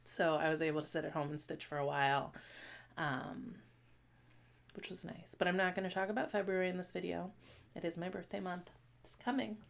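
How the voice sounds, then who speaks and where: A woman's voice: on the low side, steady tone, creaky. A woman in her late thirties chatting casually to camera as a stitching vlogger, rambling with many fillers and restarts. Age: 30s. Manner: talks fast at times.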